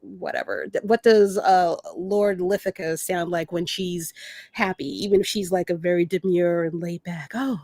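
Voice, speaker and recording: A woman's voice: fairly low pitch, steady tone, normal speed, darkish tone, no room sound. Hesitant woman co-host, dry sound. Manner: hesitant, chatty, many ums. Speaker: co-host and voice actress. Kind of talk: casual chat.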